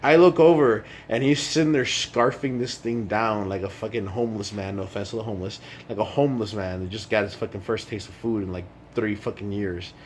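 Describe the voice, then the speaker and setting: Rambling, profane low-voiced man. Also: fairly even intonation, a little fast, hardly any pauses, slight background noise. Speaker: vlogger. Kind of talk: casual vlog chat.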